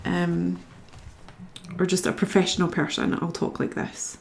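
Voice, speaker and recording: A woman's voice: lowish voice, completely flat delivery, measured pace, creaky, a little hiss or hum. A young woman from Scotland chatting casually to her live-stream viewers while she colours, reading out their comments and talking to herself as she works.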